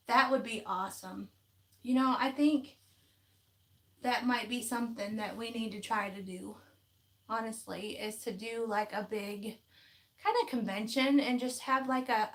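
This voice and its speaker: A woman, chatting casually on a live craft stream, folksy and quick to laugh. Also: a little high. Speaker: craft vlogger hosting a live chat. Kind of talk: casual live-stream chat, reading viewer comments.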